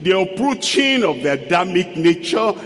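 A man's voice: sing-song, fairly bright tone. A man preaching a sermon, emphatic and full of rhetorical questions. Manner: emphatic, slow and sweeping pitch, rhetorical questions. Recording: long hall reverb.

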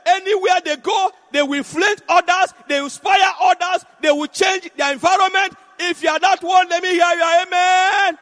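A man preaching a sermon, shouting and exhorting the congregation with repeated phrases. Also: extremely high pitch, steady tone, moderate pace, hardly any pauses. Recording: echoey hall.

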